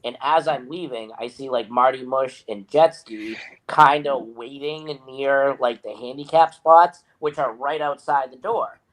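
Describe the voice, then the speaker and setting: A man co-hosting a casual podcast, telling a story in an animated way, mimicking other people and laughing often. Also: mid-range voice, a little slow, hardly any pauses, low-quality recording. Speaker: podcast co-host.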